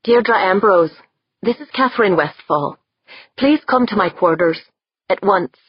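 A woman's voice: mid-range voice, expressive, measured pace, husky, no room sound, dull audio, pitched above the performer's own voice. A woman narrator voicing a curt, commanding woman in an audiobook.

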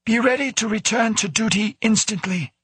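A man voicing a stern station director who gives sharp, clipped orders. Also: mid-range voice, moderate pace, husky, no room sound, pitched above the performer's own voice.

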